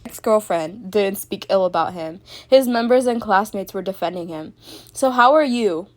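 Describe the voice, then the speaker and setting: A woman's voice: on the high side, unhurried, darkish tone, no room sound. A woman vlogger in a casual rant to camera, heated and frustrated, with lots of fillers and swearing.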